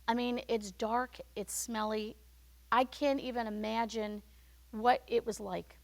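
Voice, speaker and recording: A woman gives a devotional talk in a relaxed, conversational way. She retells the story and slips into the voices of its characters. Her voice sits a little high. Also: measured pace. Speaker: devotional podcast host. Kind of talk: devotional teaching.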